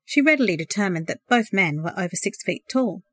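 A woman's voice: mid-range voice, expressive, fairly quick, fairly bright tone, no echo. Woman narrating an audiobook, dry sound.

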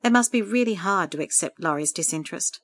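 A woman reading a story aloud, voicing a kind woman friend who speaks gently and encouragingly. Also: medium pitch, very animated, a little fast, no echo, pitched above the performer's own voice, natural voice.

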